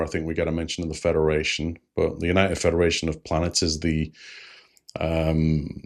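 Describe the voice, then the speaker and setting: A man hosting a review channel, recapping an episode in a rambling, digressive way with frequent fillers. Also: deep voice.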